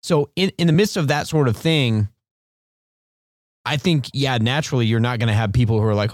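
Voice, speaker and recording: Male co-host, late thirties, mid-pitched and reflective, dry recording. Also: expressive, a little fast, dry recording. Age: 30s. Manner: reflective, conversational, with some repeated words. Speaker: podcast co-host. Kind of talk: casual discussion.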